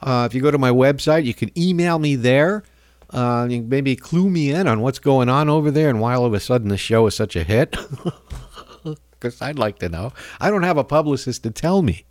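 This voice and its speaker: A male radio host delivering a loose, sardonic monologue, often chuckling to himself. His pitch swings lively up and down. The sound is dry and close. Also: moderate pace, no room sound. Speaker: radio talk show host.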